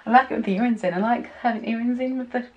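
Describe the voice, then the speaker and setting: A woman vlogging at home in casual chat, excitable and swearing freely. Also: fairly high pitch, racing, lo-fi sound.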